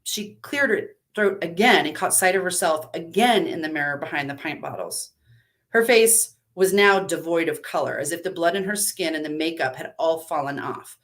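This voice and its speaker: A woman storyteller reading a dark story aloud in an expressive, measured way. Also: low-pitched.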